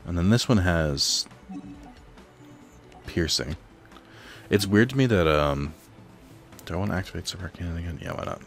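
A man's voice: low voice, normal speed, vocal fry, pauses often, faint music behind. A man thinking aloud while he plays a card game at home, rambling and reading out card text in casual commentary. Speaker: let's play host. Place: home apartment.

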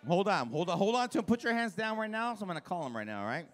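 A man's voice: sits high, big pitch swings, rapid-fire. A man doing live stand-up in a comedy club, working the crowd with a brash, profane, teasing manner into a handheld stage mic.

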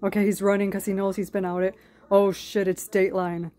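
A woman doing an improvised mock-dub over a cartoon, rambling with heavy swearing in a deadpan way. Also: medium pitch, a little fast. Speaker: comedic fan dubber.

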